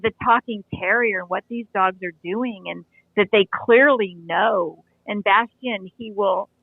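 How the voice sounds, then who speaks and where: A woman's voice: mid-range voice, a little slow, gravelly, breathy edge, no echo. A woman in her forties, an animal communicator, chatting in an interview and telling stories with frequent restarts. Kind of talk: casual interview chat. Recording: tinny dry phone-line audio.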